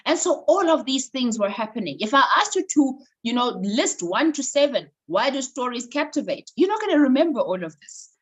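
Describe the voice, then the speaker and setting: A woman from South Africa hosting an online session, telling a personal story with many fillers and lively emphasis. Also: high-pitched, a little fast, hardly any pauses, slightly rough, rough recording. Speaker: speaker and workshop host.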